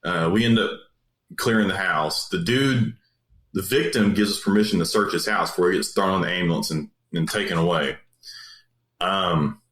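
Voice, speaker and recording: With a low, somewhat bright voice and a roomy echo on the recording, a man who is a police officer rambles casually through a story. He uses many fillers and keeps restarting.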